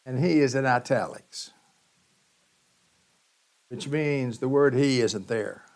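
Slow, emphatic male preacher. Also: medium pitch, darkish tone. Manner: slow, emphatic teaching with dramatic pauses. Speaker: pastor. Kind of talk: sermon.

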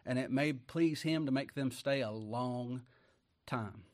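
A man delivers a folksy sermon at a slow pace and medium pitch, alternating between loud declaiming and quiet asides. He chuckles frequently and speaks in plain, homespun language.

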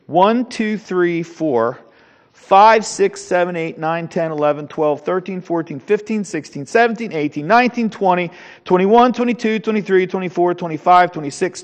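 Bible teacher, man, high-voiced, emphatic; lo-fi, echo-heavy church recording. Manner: emphatic, repeats words while finding phrasing. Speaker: Sunday school teacher. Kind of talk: Bible lesson. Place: church classroom. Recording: dull, reverberant hall recording.

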